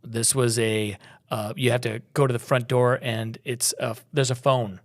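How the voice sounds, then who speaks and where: A man's voice: medium pitch, flat delivery, measured pace. Middle-aged guy from minnesota rambling through travel stories, easygoing chat. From Minnesota, USA. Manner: rambling, storytelling with restarts. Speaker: travel podcast co-host. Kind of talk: casual chat.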